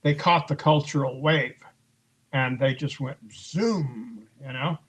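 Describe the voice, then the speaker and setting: A man guest in a casual chat, explaining in a measured, agreeable way. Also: mid-range voice, fairly bright tone, slightly rough.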